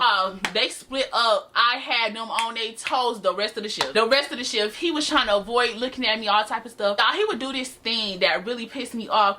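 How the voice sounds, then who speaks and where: A woman's voice: fairly high pitch, sharp tone, a little hiss or hum. An eighteen-year-old woman telling a dramatic, sassy storytime straight to her viewers, recorded on a camera mic. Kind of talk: casual storytime chat to camera. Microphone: built-in camera mic.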